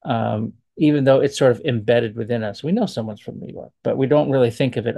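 A man, a professor, giving casual spoken commentary on language, relaxed and thinking aloud as he digresses. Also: medium pitch, a little fast, vocal fry, hardly any pauses, husky.

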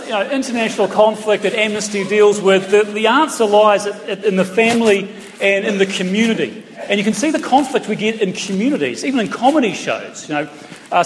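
Kiwi guy doing standup, high-ish voice, lots of hall echo, faint hiss. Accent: New Zealand. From New Zealand. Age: middle-aged. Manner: chatty storytelling, playful asides to the crowd. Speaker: stand-up comedian. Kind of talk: stand-up comedy set. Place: large town hall stage. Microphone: stage mic through PA. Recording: echoey hall from a distance. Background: audience laughter.

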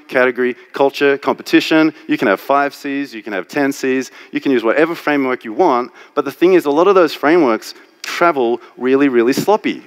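Guy doing a live strategy talk on stage, candid, jokey, kinda animated. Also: medium pitch. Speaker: strategy speaker. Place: conference stage.

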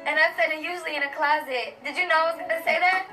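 A woman in a casual home video, excited and giggly as she opens gifts. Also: high voice, rapid-fire, over music, rough recording. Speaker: birthday girl opening gifts.

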